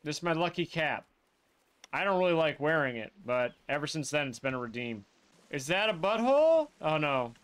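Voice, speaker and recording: Brisk and clear, his fairly high voice has a resonant ring. During live gameplay commentary, this streamer cusses liberally and chats with both his viewers and the on-screen characters in an animated way.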